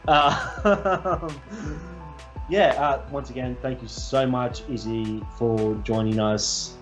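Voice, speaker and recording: A man acting as game master, narrating a tabletop game slowly with drawn-out phrasing and fillers. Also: mid-range voice, faint music behind.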